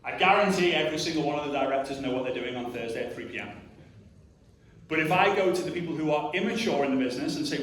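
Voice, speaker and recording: Male motivational speaker, slightly high voice, direct and punchy with the crowd; distant mic, big echoing hall. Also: fast, fairly bright tone, slight background noise. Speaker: motivational speaker at a network marketing event. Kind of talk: live motivational talk to an audience. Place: large hall with a live audience. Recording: very echoey hall recorded from far off.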